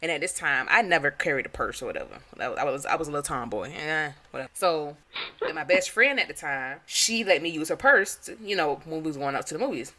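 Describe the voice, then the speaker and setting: A woman in her thirties co-hosts a casual podcast chat with a crisp, bright tone. She tells stories with lots of energy and acts out the lines people said to her, laughing along. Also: sits low, fast talker. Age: 30s. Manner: animated storytelling, acts out quotes with laughter. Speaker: podcast co-host. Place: Atlanta.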